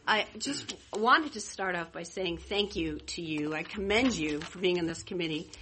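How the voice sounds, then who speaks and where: Chatty woman with husky brightness. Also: on the low side. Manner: chatty, self-deprecating, laughs easily. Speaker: advocate testifying before a committee. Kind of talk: informal testimony at a hearing. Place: legislative committee room.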